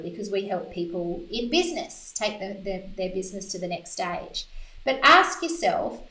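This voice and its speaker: A woman's voice: mid-range voice, a bit bright. A woman giving a business coaching lesson, upbeat and conversational with punchy asides. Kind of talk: instructional talk to camera. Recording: roomy echo, mic held at a distance.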